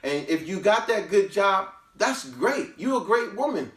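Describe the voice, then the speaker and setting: A lively man spins a casual story in a high, swooping voice, stopping for emphatic lectures. He is recorded from a distance in an echoing room. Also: a little slow. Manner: animated, emphatic, preachy asides. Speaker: book review host. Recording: roomy, from a distance.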